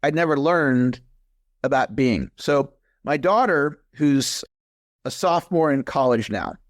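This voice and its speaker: A man's voice: mid-range voice, lively intonation, a little slow, dry recording, studio quality. A man in his fifties, a guest on a coaching podcast, talking earnestly in a conversational interview and repeating his key phrases.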